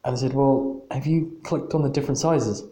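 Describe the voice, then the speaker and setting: A man's voice: medium pitch, dark tone. Roomy-sounding man telling a work story. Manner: halting, repeats words, laughs at himself. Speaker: podcast host. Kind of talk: casual storytelling monologue. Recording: roomy echo.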